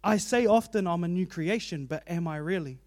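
A man delivers an earnest, conversational sermon, speaking in a fairly high register. His delivery is plain and personal, with asides from his own life. The sound is dry and close, with no room echo. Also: moderate pace, darkish tone. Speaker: preacher.

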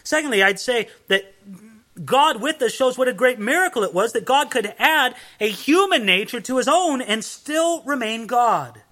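A man's voice: extremely high pitch, expressive, normal speed, pushed and bright. A man preaching a sermon, earnest and emphatic, asking rhetorical questions and pressing his points home. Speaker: pastor.

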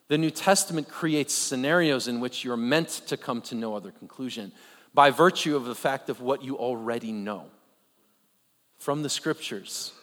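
A man preaching a conversational sermon, animated, with joking asides and rhetorical questions. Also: mid-range voice. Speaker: pastor. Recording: long reverb of a large hall.

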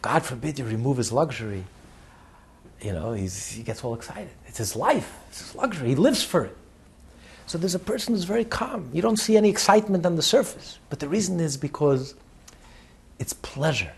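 Teaching from a religious text, this man speaks in a fairly high, husky voice. He tells stories with lots of laughter, repeating words as he goes, and keeps things lively.

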